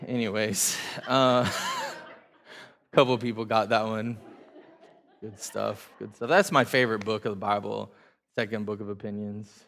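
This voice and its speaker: A man leading a church gathering chats loosely with the congregation, poking fun at himself amid many fillers and restarts, his words echoing in a reverberant hall. His voice is lowish and a bit bright, with wildly swooping pitch, vocal fry, an unhurried pace, and long pauses.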